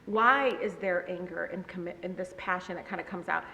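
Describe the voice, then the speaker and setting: Forceful, bright-voiced woman telling stories in an echoey hall. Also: lowish voice, fairly quick, creaky. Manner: animated, laughs while telling stories, voices family members. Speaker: guest speaker, politician. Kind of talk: conversational storytelling to a live audience. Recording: echoey hall, faint background hum.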